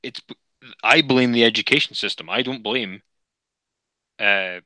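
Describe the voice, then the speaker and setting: A man's voice: mid-range voice, a little slow, bright, forceful tone, dry recording, low-quality recording. A man in a casual podcast chat, opinionated and sweary as he rants.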